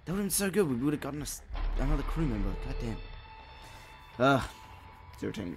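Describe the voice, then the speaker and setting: A man's voice: mid-range voice, big pitch swings, quick pace, pauses often, soft background music. Young man swearing over a game. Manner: swears a lot, frustrated outbursts, mutters to himself. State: sleepy, yawning. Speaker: let's play gamer. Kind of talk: casual gameplay commentary.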